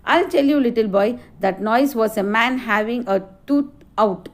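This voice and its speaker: Teasing waiting-room man, mock-ominous, high voice, read by a woman teacher. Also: unhurried, lightly acted.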